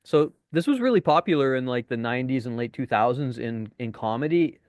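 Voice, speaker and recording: A man coaching on dating in a casual webinar, speaking at a middle pitch. He curses freely and acts out the voices of people he quotes. The sound is dry and close. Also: lively intonation, fairly quick, a little mellow, no echo.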